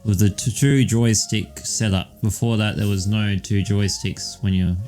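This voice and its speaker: A young man's fairly low, darkish voice stays steady and a little slow, and faint music sits in the background. As a podcast co-host he chats casually, rambling, swearing, and filling space with ums and "all right"s.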